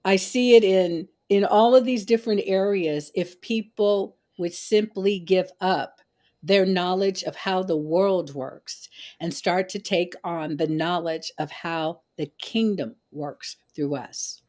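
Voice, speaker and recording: A woman's voice: on the low side, slow pace, a little mellow. Emphatic woman hosting a faith talk. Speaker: host. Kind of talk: faith-based talk show conversation.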